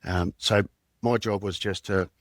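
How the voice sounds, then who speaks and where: A man in his fifties with an Australian accent recalls his past as a former undercover detective. His voice sits low, and the sound is close and dry with no room around it. He talks plainly and rambles a little, dropping in casual slang. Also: steady tone, a little slow, dry recording. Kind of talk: candid storytelling in conversation.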